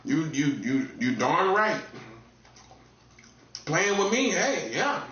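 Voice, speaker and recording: A man's voice: a little high, big pitch swings, takes it slowly, fairly bright tone. A man from North Carolina with a Southern accent, talking in a casual, laid-back, repetitive monologue with a warning tone. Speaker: online commentator. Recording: distant, echoey, dull lo-fi room sound.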